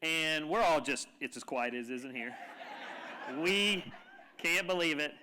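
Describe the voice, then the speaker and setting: A man giving a humorous, animated storytelling talk to a live audience in a lecture room. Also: a little high, measured pace, noisy background. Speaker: keynote speaker.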